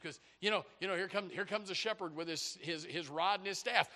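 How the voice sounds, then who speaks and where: Male preacher with a bright, forceful voice, folksy and exclamatory. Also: high-pitched, normal speed, creaky, few pauses, in a large hall. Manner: folksy and exclamatory, with frequent stammered restarts. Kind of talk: sermon.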